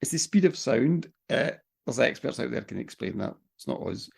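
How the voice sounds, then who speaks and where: A man co-hosting a podcast in a relaxed, wry, casual way. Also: mid-range voice, normal speed, creaky, husky. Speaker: podcast co-host. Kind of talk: casual chat.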